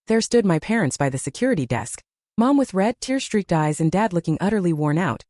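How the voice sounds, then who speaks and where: A young adult woman reading a first-person family drama story as narrator, with a lively, expressive delivery. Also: fairly low pitch, fairly quick, no echo, clean studio sound.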